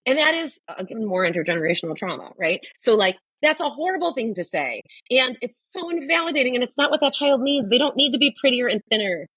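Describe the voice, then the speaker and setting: Therapist lady on a podcast, kinda husky voice, punches her points hard and says them twice, dry close sound. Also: on the high side, big pitch swings, quick pace, few pauses, fairly bright tone, no room sound, poor audio. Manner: emphatic, repeats key points. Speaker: guest, social worker and psychotherapist. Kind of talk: podcast conversation.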